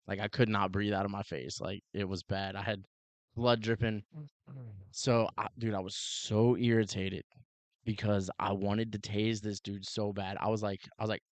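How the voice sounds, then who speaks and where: Man, lower voice, casual podcast storytelling, animated, lots of "like" and "dude", dry close mic. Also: moderate pace, no room sound. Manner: animated, heavy use of "like" and "dude", acts out quotes. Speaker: podcast co-host, police officer.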